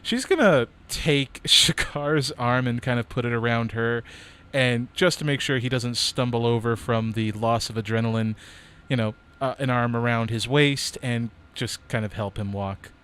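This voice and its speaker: A man running a tabletop game as dungeon master, narrating in an animated, rambling way. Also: mid-range voice, moderate pace, clear, resonant tone. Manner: rambling, animated, lots of fillers and laughs.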